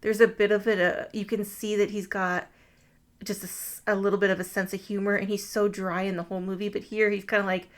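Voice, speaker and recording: A woman's voice: medium pitch, little pitch movement, a little fast. A woman co-hosting a podcast, recapping a movie plot in casual chat with wry, crude asides. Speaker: podcast co-host.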